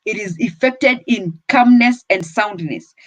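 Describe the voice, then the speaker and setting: A woman's voice: medium pitch, unhurried, dry recording, poor audio. A woman with a Kenyan accent giving firm parenting advice on a talk show. She switches between English and Swahili.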